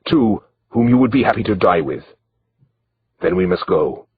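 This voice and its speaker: Wry guarded guide, broken accent, dry delivery, low register, read by a male narrator; dull recording, faint hiss. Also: expressive, normal speed.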